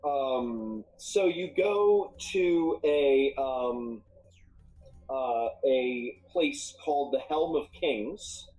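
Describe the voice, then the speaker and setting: A man narrating a tabletop game as game master, halting with many ums and uhs. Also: mid-range voice, a little mellow, faint music behind, rough recording. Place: live stream.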